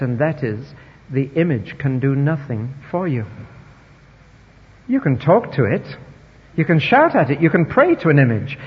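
A man preaching a sermon, emphatic and wry, dropping quiet then rising loud, in a dull, echoey hall recording. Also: mid-range voice, breathy edge.

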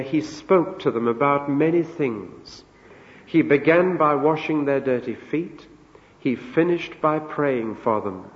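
Earnest male preacher in an echoey hall. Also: fairly high pitch. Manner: earnest, storytelling, rising emphasis on quoted words. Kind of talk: sermon. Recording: echoey hall, dull lo-fi sound.

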